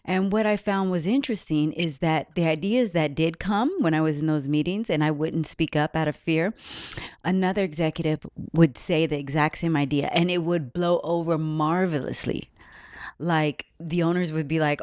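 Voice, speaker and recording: A woman's voice: low-pitched, moderate pace, a little mellow, dry recording, studio quality. A woman podcast host giving an earnest, reflective, faith-based talk about her own life.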